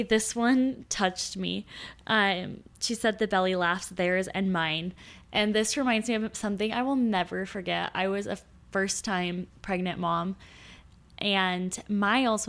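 A woman's voice: mid-range voice, gravelly. Earnest woman co-host, casual chat. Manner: warm, earnest storytelling. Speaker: podcast co-host.

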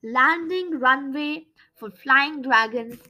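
A woman reading a children's storybook aloud, in an animated and dramatic way. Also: high-pitched, slow pace, low-quality recording. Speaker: storybook reader. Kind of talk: expressive children's book narration.

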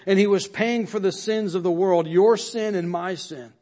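This pastor's sermon comes in a fairly high voice with a darkish tone and moderate pace. He's earnest, repeating phrases to drive points home, and each line drops downward as it closes.

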